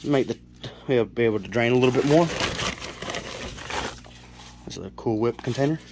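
A man's voice: medium pitch, normal speed, noisy background. A young man from South Carolina, rambling through a casual home-build tutorial in his cluttered bedroom, full of fillers and self-corrections, a bit out of breath. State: slightly out of breath. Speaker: reptile keeper vlogger.

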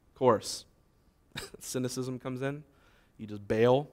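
A man's voice: medium pitch, slow, warm tone. A male pastor giving a conversational sermon, asking the room questions and acting out short imagined complaints. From United States.

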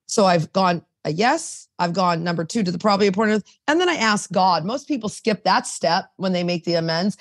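A woman's voice: mid-range voice, expressive, moderate pace, few pauses, no room sound, clean studio sound. A woman podcast host and recovery sponsor, talking in a fired-up, digressive way, reading passages aloud and preaching. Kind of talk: casual recovery podcast chat.

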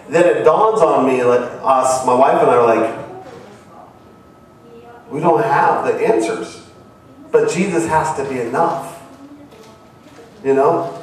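A missionary man from Ohio, preaching a sermon and telling stories earnestly, his voice rising to cries. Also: a little high. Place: church hall. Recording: very echoey hall from far off.

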